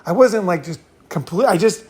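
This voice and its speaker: A man's voice: high-pitched, expressive, normal speed, warm tone. A man hosting a casual talk, telling rambling stories with frequent laughs and swearing. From California. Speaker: host. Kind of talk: casual storytelling and advice.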